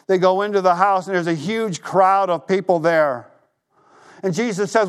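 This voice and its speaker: A male pastor preaching a sermon, telling stories animatedly, acting out the voices he quotes and dropping to a hush for emphasis. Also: high-pitched, normal speed, clear, resonant tone. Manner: drops to a hushed voice for emphasis.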